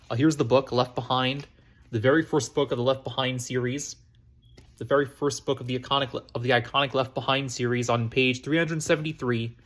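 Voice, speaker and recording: A man hosting a storytime channel, reading a novel aloud in a plain, unhurried way with frequent restarts. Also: medium pitch. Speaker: storytime channel host, book reader.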